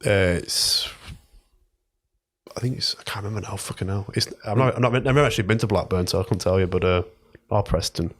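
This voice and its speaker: A young man chatting on a podcast in a fairly low voice. He talks bluntly and swears freely, and he trails off and starts his sentences over as he goes. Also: fairly even intonation, fast, husky. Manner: blunt, sweary, rambling with restarts. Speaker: podcast co-host. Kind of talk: casual chat.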